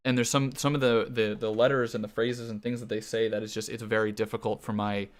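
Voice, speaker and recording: A young Canadian man talking loosely while he plays, with a mid-range voice and a relaxed, rambling delivery. He swears often and laughs as he goes, very much an easygoing game streamer. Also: fairly low pitch, fairly quick. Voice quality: casual, profane, laughs often. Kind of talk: casual gaming stream chat.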